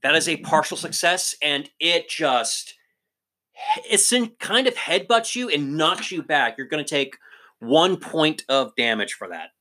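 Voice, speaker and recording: A man's voice: a little high, lively intonation, a little slow, pushed and bright. A man running a tabletop role-playing game as game master, narrating the action and explaining rolls patiently.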